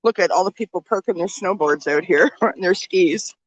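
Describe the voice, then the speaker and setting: Walking outdoors through a snowy ski resort village, a woman vlogs on a handheld phone, out of breath and chatting with viewers as if they were friends. Her lowish voice moves at normal speed, with no room sound and dull audio.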